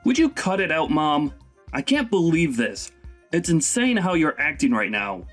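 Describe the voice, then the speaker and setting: A man's voice: a little high, very animated, normal speed, soft background music. A man voicing a stern, reproachful young husband. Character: young husband angrily confronting his mother. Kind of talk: voiced animated story drama.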